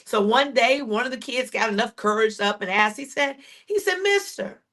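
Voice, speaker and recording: Woman, preaching sermon, slightly high voice, repeated refrains, questions to listeners, quick then slow delivery. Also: fairly bright tone. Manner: shifts between quick storytelling and slow, drawn-out declarations. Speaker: preacher and podcast host.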